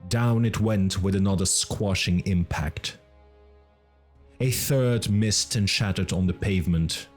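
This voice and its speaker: A man with a very deep voice narrates a fantasy audiobook in a measured, dramatic way. He reads slowly and deliberately, and faint music plays underneath. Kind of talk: scripted narration.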